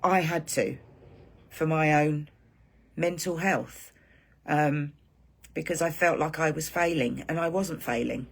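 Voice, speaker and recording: A woman's voice: deep voice, takes it slowly, gravelly, long pauses, breathy edge. A woman hosting a live stream for her group, talking in a rambling, heartfelt casual chat.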